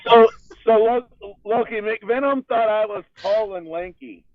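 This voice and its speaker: A man's voice: high voice, unhurried, a crowd in the background. A man on a casual gaming stream panel, rambling and giggling through a story. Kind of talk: casual chat. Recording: tinny call audio.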